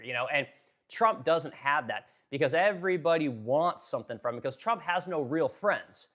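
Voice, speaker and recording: A man's voice: a little high, expressive, normal speed, fairly bright tone. A man hosting a casual political live stream. He talks bluntly with lots of swearing and fillers. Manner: blunt, profane, filler-heavy. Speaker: live-stream host, furniture business owner.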